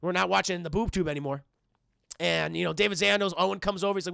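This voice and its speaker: A young man streaming a casual, profane cartoon recap to his live chat, rambling and slipping into quick voices for the characters. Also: sits high, steady tone, vocal fry, bright, forceful tone, clean tone, no echo, studio quality.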